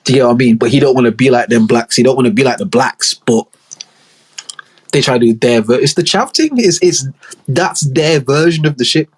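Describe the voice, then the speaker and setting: A young man from holds forth alone on his podcast, loose and slangy, and he keeps slipping into mocking impressions. His voice sits mid-range and sounds somewhat husky. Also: medium pitch, fairly quick. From Leeds, northern England. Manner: casual, slangy, animated storytelling with mocking impressions. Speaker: podcast host. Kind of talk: solo podcast monologue.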